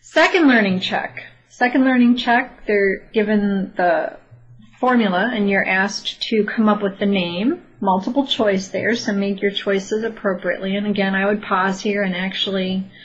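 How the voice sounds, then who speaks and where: A woman teaching chemistry in a recorded lecture, talking through each step at a patient, even pace and dropping in ums and uhs as she goes. Her voice sits in a middle pitch. The audio is a bit dull and lo-fi. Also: moderate pace. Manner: steady, patient explaining with many fillers. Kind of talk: recorded lecture over slides.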